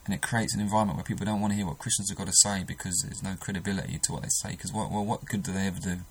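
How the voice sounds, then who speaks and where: A man's voice: low voice, level tone, racing, slightly rough, poor audio. A man preaching a sermon, earnest and emphatic, often restarting his sentences.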